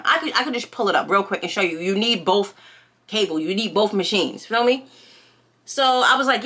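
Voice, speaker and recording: A woman's voice: medium pitch, expressive, a little fast, bright, forceful tone. A young woman telling a storytime in casual, outspoken, slangy chat as a vlogger.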